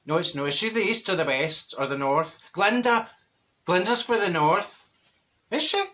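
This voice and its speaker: Brief: gossipy middle-aged Glaswegian woman, bright sharp voice, giggly asides, played by a man. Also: high voice, expressive, moderate pace. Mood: chatty. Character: chatty middle-aged Glasgow woman, straight-talking gossip. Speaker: comedy character host. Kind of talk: comic character monologue.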